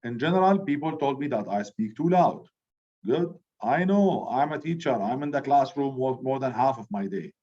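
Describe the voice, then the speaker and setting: A middle-aged man teaching a class, speaking loudly and with energy, checking in with the students by saying "good" after each point. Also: mid-range voice, moderate pace. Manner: loud, animated, repeats "good" as a check-in. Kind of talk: classroom lecture. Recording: dull lo-fi recording.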